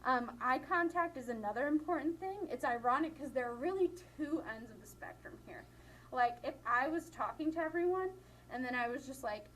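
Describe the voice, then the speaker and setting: Young female lecturer, high voice, chatty, giggles often, faint room noise. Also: brisk, fairly bright tone, rough recording. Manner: chatty, laughs often, many "like" fillers. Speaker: college instructor. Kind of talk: classroom lecture. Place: classroom.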